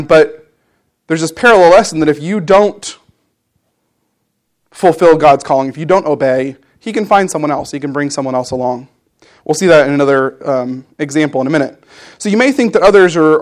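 A man giving a sermon, reading scripture aloud and explaining it in a relaxed, conversational teaching manner with small fillers and restarts. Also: on the high side. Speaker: preacher.

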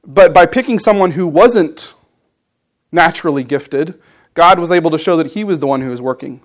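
Man preaching a conversational sermon. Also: on the high side. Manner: conversational teaching with fillers and restarts. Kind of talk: sermon, reading and explaining scripture.

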